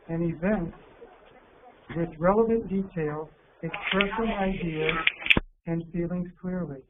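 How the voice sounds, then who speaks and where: A man from the United States giving an instructional workshop talk to teachers, calm and deliberate, slowing down to stress key words. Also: high voice. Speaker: teacher educator presenting a workshop. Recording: narrow phone-like sound with faint hiss.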